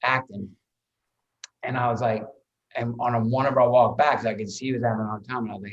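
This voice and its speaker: A man, an actor guesting on a podcast, telling anecdotes in a lively way, swearing freely and restarting his words often. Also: mid-range voice, brisk, dull audio.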